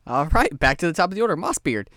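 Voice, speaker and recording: A woman's voice: deep voice, very animated, fast talker, a bit bright, dry recording, clean studio sound. A woman running a tabletop game as game master, laughing often as she narrates.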